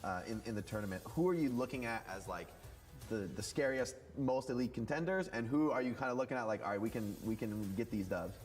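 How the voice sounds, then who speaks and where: Man, mid pitch, playful esports interviewer, faint music behind. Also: brisk, darkish tone. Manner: playful, teasing questions. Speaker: event interviewer. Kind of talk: upbeat broadcast interview.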